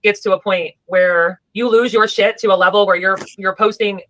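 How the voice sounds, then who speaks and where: A woman's voice: medium pitch, steady tone, normal speed, a bit bright, rough recording. A woman streamer talking bluntly and profanely in casual streaming talk.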